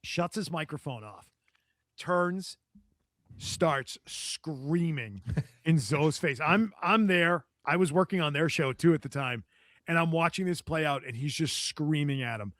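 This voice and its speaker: A man's voice: a little high, a little slow, no room sound, clean studio sound. A man guest on a podcast telling a story in casual chat, laughing often and acting out what others said. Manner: animated storyteller, laughs often, acts out quotes.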